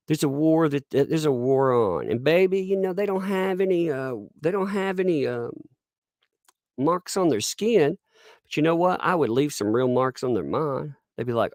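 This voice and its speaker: A man's voice: animated, moderate pace, a little mellow, dry recording, clean studio sound. A man hosting a live stream, commentating sarcastically, reading chat and laughing often. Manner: puts on squeaky mocking voices when quoting people.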